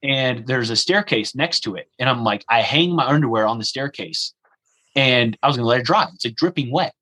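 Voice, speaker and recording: Over poor audio, a young man with a medium-pitched voice tells a travel story fairly quickly in casual conversation. He's animated, acting out the dialogue and using lots of "like" fillers.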